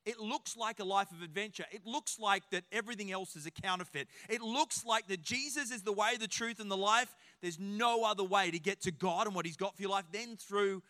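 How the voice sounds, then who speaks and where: A man in his forties with an Australian accent, preaching a sermon as a pastor in a lively, joking storytelling way. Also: sits high, fairly quick, few pauses, in a large hall.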